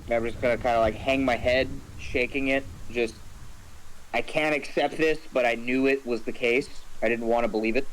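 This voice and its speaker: A man's voice: mid-range voice, fairly even intonation, normal speed, a bit bright, slight background noise, low-quality recording. A man playing a tabletop role-playing game, describing his character's actions with hesitant phrasing full of "like" and "kinda.". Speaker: player.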